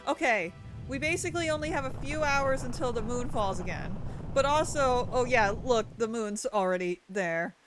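A woman's voice: on the high side, lively intonation, normal speed. A woman giving casual, joking let's-play commentary over a video game, swearing freely. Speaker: gaming commentator. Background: video game music.

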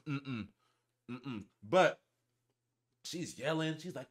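A young man telling a casual storytime on his channel, animated and heavy on profanity and slang. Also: mid-range voice, normal speed. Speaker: vlogger.

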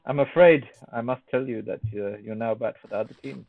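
A man's voice: mid-range voice, brisk, creaky, no echo. Teasing man on a tinny voice chat. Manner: teasing, jokey, laughs a lot. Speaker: Minecraft let's player. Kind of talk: casual gaming chat. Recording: dry, phone-like voice chat.

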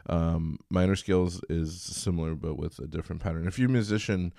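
A man giving a recorded college music lecture in a relaxed, chatty way, singing short examples. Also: sits low, fairly quick, gravelly, dry recording, studio quality.

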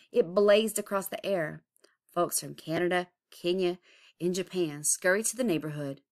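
A woman's voice: lowish voice, normal speed, darkish tone. A woman, an art teacher, reading a picture book aloud expressively, chanting its rhyming refrains. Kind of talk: storybook read-aloud.

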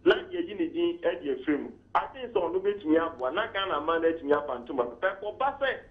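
A man's voice: on the high side, lively intonation, fairly quick, narrow, tinny audio. A man with a Ghanaian accent calling a radio talk show, arguing his point in Twi and pidgin English. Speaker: caller. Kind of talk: radio call-in commentary.

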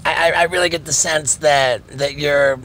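A man co-hosting a podcast, speaking in a slow, searching way during casual chat. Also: a little high, fairly even intonation, sharp tone, slight background noise. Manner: slow and searching, with many restarts. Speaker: podcast co-host.

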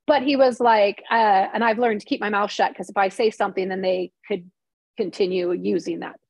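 A woman's voice: medium pitch, fairly even intonation, normal speed, gravelly, dry recording. A middle-aged woman, a former TV reporter, telling a personal story in an interview, candid and emotional, acting out what others said to her. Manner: candid and emotional, acts out quoted lines.

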